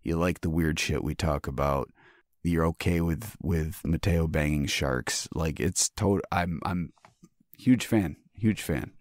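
Male podcast co-host, deep and dry-sounding, loose profane banter full of false starts. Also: steady tone, dry recording. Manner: joking, profane, halting restarts. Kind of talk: casual chat.

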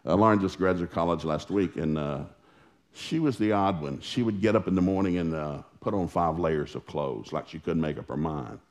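Low-voiced preacher guy telling family stories, folksy and animated, church sermon. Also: moderate pace. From Oklahoma. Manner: folksy, animated storytelling with acted quotes. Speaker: pastor. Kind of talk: storytelling sermon.

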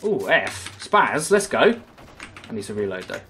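A young man talks over his own gameplay, sarcastic and quick to swear whenever things go wrong. His voice swings widely up and down in pitch, and a faint hiss sits under the recording. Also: sing-song, fairly bright tone. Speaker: gaming YouTuber. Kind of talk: live gameplay commentary. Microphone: webcam-recorded gaming setup.

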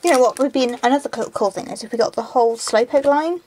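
A young woman's fairly high, slightly mellow voice moves fast as she hosts a card-opening video. She chats, giggles, and repeats each card name as she reads it. Faint music plays in the background.

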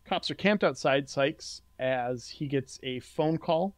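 A man co-hosting a podcast, summarizing a movie's plot in a steady recap and chatting about it. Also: a little high, slow pace, clear, resonant tone, dry recording, studio quality. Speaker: podcast co-host recapping the film. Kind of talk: casual recap and chat.

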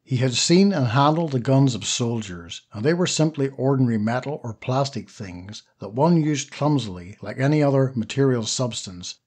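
Man, audiobook narrator, steady even reading, husky voice, medium pitch. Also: moderate pace, few pauses. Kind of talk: scripted narration.

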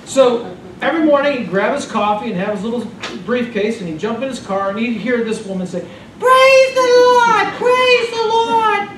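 A male pastor giving a sermon, telling a story in an animated way, recorded from a distance in an echoey church hall with noise behind. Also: high voice, a little fast. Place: church sanctuary.

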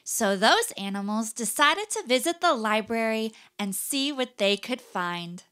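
A woman's voice: fairly high pitch, animated, unhurried, fairly bright tone, smooth. A woman narrating a children's puppet show with sing-song, exaggerated storytelling emphasis.

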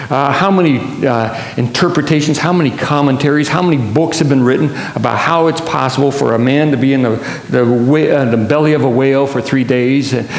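A man's voice: mid-range voice, vocal fry. Man preaching in an echoey church. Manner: storytelling with frequent restarts and repeated words. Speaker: pastor. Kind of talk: sermon. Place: large church sanctuary.

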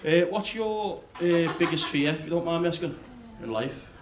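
Cheeky Liverpool stand-up comic. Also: male voice, fairly high pitch, normal speed. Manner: deadpan, cheeky storytelling with crowd work. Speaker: stand-up comedian. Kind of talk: live stand-up comedy. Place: comedy club stage with a live audience. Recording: live club recording with loud room noise.

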